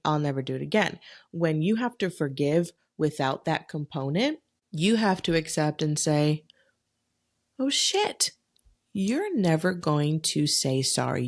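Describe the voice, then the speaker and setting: Her voice deep and darkish, a woman hosting a solo podcast thinks through her emotions aloud. She's blunt, swears freely and leans on emphatic rhetorical questions.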